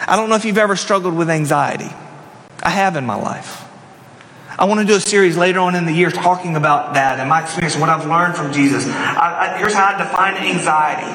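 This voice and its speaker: A man preaching a sermon as a pastor, telling the story dramatically and dropping into hushed emphasis. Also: on the high side, fairly quick, slight background noise. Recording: long reverb of a church hall.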